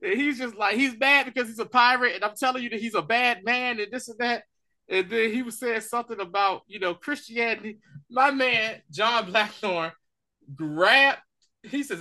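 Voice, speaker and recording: Animated high-voiced man recapping a show. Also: moderate pace. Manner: animated storytelling, acts out quotes. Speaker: co-host of a TV review show. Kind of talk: casual recap chat.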